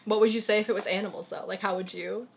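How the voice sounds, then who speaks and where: A woman's voice: medium pitch, fairly even intonation, fast, creaky, slightly rough. A young woman hosting a casual chat with her boyfriend, asking him questions and teasing his answers. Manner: chatty, teasing, asks questions. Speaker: channel host.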